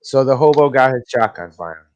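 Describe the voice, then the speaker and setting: A man's voice: mid-range voice, fast talker. A man co-hosting a casual movie review chat, talking bluntly and with a lot of swearing. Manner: profane, blunt, animated. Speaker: podcast co-host.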